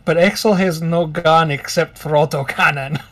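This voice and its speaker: A man's voice: a little high, steady tone, moderate pace, fairly bright tone, far from the mic, close to an everyday voice. A man doing a blunt soldier in broken English. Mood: deadpan. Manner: drops articles, blunt literal phrasing. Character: gruff male soldier who speaks in clipped broken English. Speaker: player. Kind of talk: voicing a character in a tabletop game. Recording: dry and somewhat off-mic.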